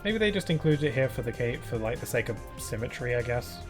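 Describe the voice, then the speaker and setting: A man's voice: mid-range voice, animated, a little fast. A young man giving casual, rambling commentary while playing a game on stream, talking into a desk microphone. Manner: rambling, easygoing, many fillers. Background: game music.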